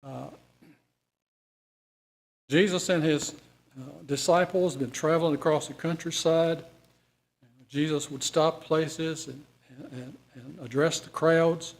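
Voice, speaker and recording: With a steady tone, a slow pace and frequent pauses, a man teaches an informal Bible study class. His voice sits a bit high for a man, and he talks folksily, often questioning his listeners.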